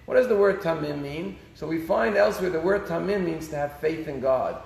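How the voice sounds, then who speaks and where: A rabbi giving a casual daily sermon, telling stories and using Hebrew phrases. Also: male voice, fairly high pitch, a little fast, gravelly, a little mellow. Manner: conversational storytelling, Hebrew phrases. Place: synagogue sanctuary. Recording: echoey synagogue hall.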